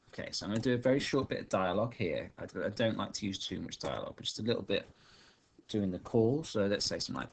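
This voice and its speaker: A male teacher thinking aloud as he writes a story, dictating sentences slowly while typing. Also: low voice, a little hiss or hum. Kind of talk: online writing lesson while typing.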